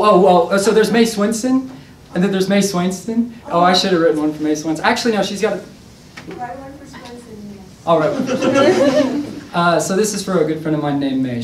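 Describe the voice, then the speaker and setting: Young man reading poems in a roomy hall. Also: high-pitched. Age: young adult. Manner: laughing, rambling asides between poems. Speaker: guest spoken word poet. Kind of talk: poetry reading with casual banter. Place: live audience room at a reading. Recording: roomy, distant live recording with faint noise.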